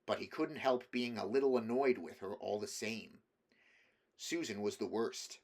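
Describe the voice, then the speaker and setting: A man's voice: lowish voice, a little mellow. Man reading a novel aloud. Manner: measured reading with small restarts. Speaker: audiobook reader.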